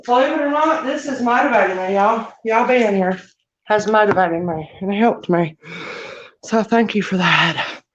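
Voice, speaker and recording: Cleaning her home indoors, a woman vlogger keeps up a casual, folksy live-stream chat with viewers, slightly breathless as she works. Her mid-range voice moves at a moderate pace over a faint hiss or hum. The phone sits somewhere as she moves around, giving a dull, roomy sound.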